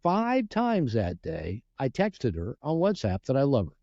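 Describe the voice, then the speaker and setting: A man's voice: mid-range voice, huge pitch swings, measured pace, dark tone, no room sound, dull audio. A man guest on a podcast, earnestly explaining ideas through personal stories, often restarting sentences and acting out quoted dialogue. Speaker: podcast guest, relationship author. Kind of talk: podcast interview storytelling.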